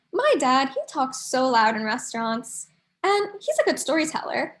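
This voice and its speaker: A woman doing an online stand-up comedy set from New York, chatty and observational with quick asides. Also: high voice, sing-song, fairly bright tone.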